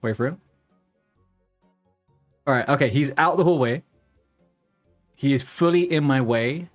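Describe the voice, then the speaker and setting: A man giving loose, muttered commentary over his own live game stream, thinking out loud and cursing under his breath. His voice sits at an ordinary middle pitch, with faint music playing behind him. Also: measured pace. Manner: mutters to himself, swears when frustrated.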